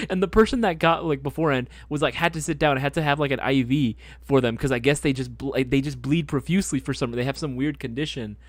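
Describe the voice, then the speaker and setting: A man hosting a casual live stream chat, telling stories in an animated way, swearing freely and laughing often. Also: mid-range voice, quick pace, hardly any pauses, no room sound. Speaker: host.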